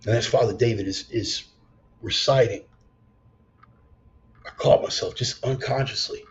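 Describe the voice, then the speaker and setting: A man's voice: medium pitch, unhurried, highs cut off. A man giving a conversational, emphatic sermon told as a personal story. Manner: conversational, emphatic, swears in passing. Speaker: preacher.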